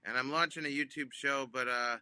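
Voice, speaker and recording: Bright-voiced man telling a story. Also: medium pitch, steady tone, a little fast, clean tone, no echo. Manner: acts out both sides of phone calls with big voice jumps; hesitant, many ums and restarts. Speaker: comedian guest. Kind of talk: animated storytelling.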